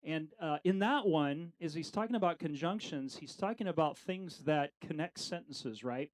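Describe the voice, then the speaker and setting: A man's voice: fairly high pitch, normal speed, rough recording. A middle-aged man leading a casual Bible study, talking conversationally with lots of fillers and questions to the group.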